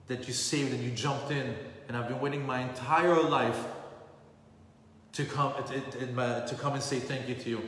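A man's voice: mid-range voice, fairly even intonation, moderate pace, a bit bright. A man giving a storytelling Torah lesson, repeating phrases for emphasis and dropping in Hebrew terms. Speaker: Torah class teacher. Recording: echoey hall with faint background noise.

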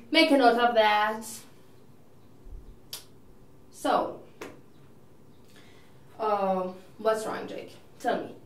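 A woman's voice: on the high side, a bit bright, a little hiss or hum. Woman playing a neurotic, doting older sister. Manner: rambling, self-absorbed and fretful. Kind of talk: audition monologue. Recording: echoey room, mic from a distance.

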